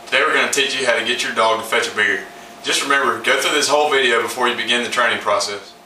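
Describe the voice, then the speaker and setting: A man's voice: medium pitch, quick pace, sharp tone, echoey room, far from the mic, slight background noise, rough recording. A man giving a plain, informal how-to talk on training his dog, folksy and loose with fillers.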